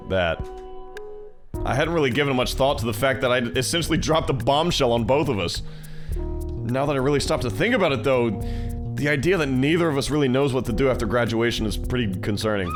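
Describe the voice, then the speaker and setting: Guy reading a dating game out loud on stream, swears a lot, cracks jokes, light music in the back. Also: mid-range voice. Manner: profane, jokey asides to chat. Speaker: streamer reading a visual novel. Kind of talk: reading aloud with casual reactions.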